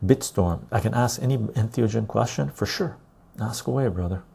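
Husky low-voiced guy rambling casually on his live stream, reads chat, keeps saying "right?". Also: normal speed, dark tone. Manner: loose and chatty, reads the chat aloud, says "right?" often.

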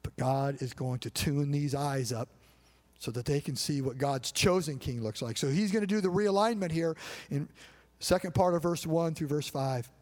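A male pastor with a notably high voice preaches in a casual, conversational way, firing off quick rhetorical questions to his listeners. His voice rings out with the long reverb of a large church sanctuary. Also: a little mellow. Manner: conversational preaching with frequent rhetorical check-ins. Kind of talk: sermon.

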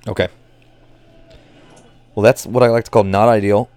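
A man reacting live to a baseball game as a nervous fan, cursing, groaning and pleading with the pitcher. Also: fairly even intonation, moderate pace, darkish tone, dry recording. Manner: anxious, profane, swings from groans to outbursts.

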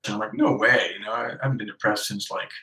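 A middle-aged American man talks casually as a guest over a long-distance call. His voice is bright and forceful, with a roomy echo around it. He is chatty and self-deprecating, often restarting his sentences. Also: lowish voice, level tone, racing. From Northeast US. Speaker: guest author. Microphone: remote call from abroad.

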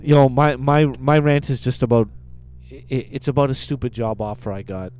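A man's voice: mid-range voice, moderate pace, a little mellow, clean tone, soft background music. A man co-hosting a casual chat, telling a story in a joking manner and acting out what people said. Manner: storytelling, acts out quotes, joking. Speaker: podcast co-host.

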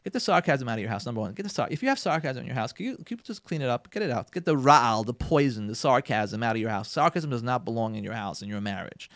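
A man with a medium-pitched, bright-ish voice hosts a radio show on marriage, talking fast with lively intonation and few pauses. He instructs listeners directly and emphatically, acting out spouses' words and repeating himself for stress. It's a dry, studio-quality recording.

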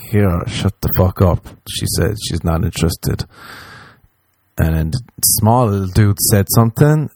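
Man, low mellow voice, casual profane storytelling, dead dry sound. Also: creaky, breathy edge, no echo. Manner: rambling, profane, animated quoting of himself.

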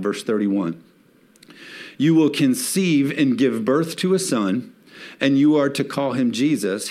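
A pastor with a mid-range, darkish-toned voice preaches a sermon in church. He reads scripture and builds to emphatic peaks, calling on the congregation to respond.

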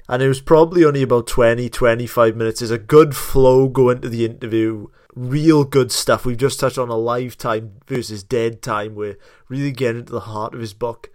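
Welsh podcast co-host, man, mid pitch, lively storyteller, dry close sound. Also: fairly quick, hardly any pauses, no echo. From South Wales. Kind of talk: casual chat.

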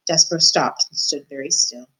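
A woman's voice: sits low, normal speed, sharp tone, rough recording. Woman reading a novel aloud. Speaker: student reader.

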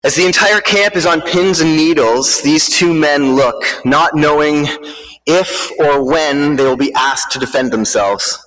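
A man's voice: on the high side, a bit bright, big-room sound, rough recording. Man telling a dramatic story in a sermon. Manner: vivid, measured storytelling. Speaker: preacher.

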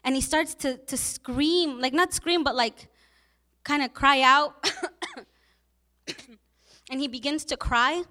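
Young woman pastor, high voice, heartfelt storytelling sermon. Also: slow pace, pauses often, pushed and bright. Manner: personal storytelling, emotional and earnest.

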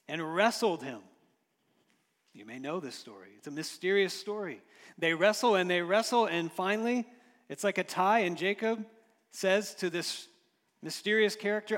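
A man preaching a sermon in a storytelling way, swinging from loud emphasis to hushed, quiet lines. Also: sits high, in a large hall. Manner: storytelling, rises and drops in loudness, occasional chuckles. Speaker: pastor.

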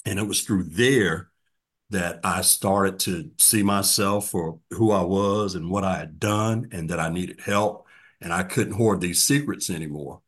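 A man in his sixties, a guest in an interview, telling his story earnestly and reflectively, often dropping to a soft, quiet voice. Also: deep voice, a little slow, breathy edge. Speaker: guest, formerly incarcerated man.

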